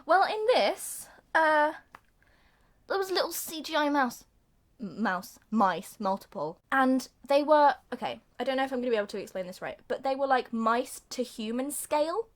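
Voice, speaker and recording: A woman's voice: high voice, lively intonation. A young woman reviewing a film in a casual, giggly way, often laughing and bursting into sung snippets. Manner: giggly, breathless retelling with sung bits and quick voice changes.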